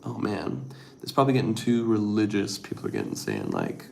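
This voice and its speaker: A middle-aged man hosting a casual livestream, reading viewer comments and rambling softly with lots of fillers. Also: lowish voice, huge pitch swings, brisk, vocal fry, a little hiss or hum. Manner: rambling, soft-spoken, with many fillers. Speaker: livestream host.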